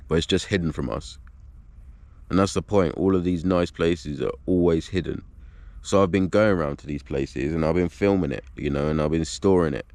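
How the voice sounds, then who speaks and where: Talking to his camera, this male vlogger has a low, weighty voice with a somewhat dark tone and a moderate pace. He drifts from point to point, cursing and leaning on "like" and "do you know what I mean." The sound is close and dry, without echo.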